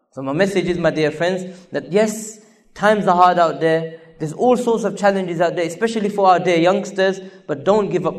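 High-voiced earnest male preacher. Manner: earnest, repetitive, swings between raised emphasis and soft low asides. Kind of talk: sermon.

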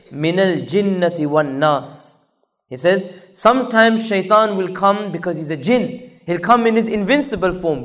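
A man's voice: high-pitched, fairly bright tone. A male preacher giving a sermon, emphatic and repetitive, driving points home with rhetorical questions.

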